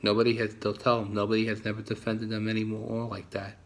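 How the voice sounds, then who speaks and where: A man's voice: on the low side, completely flat delivery, fast. A man with a New Jersey accent talking in a casual, rambling vlog monologue, often restarting and repeating himself. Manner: repetitive, frequent restarts. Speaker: vlogger.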